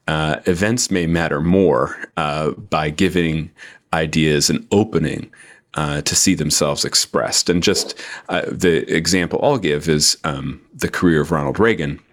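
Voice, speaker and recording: Very deep-voiced man, slow and deliberate. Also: a bit bright. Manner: slow, deliberate, with frequent fillers. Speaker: author guest. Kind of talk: interview discussion.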